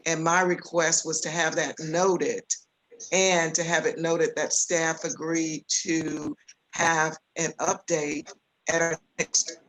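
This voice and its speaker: A woman's voice: sits low, a little hiss or hum, low-quality recording. A woman commissioner at a public board meeting, raising careful procedural questions.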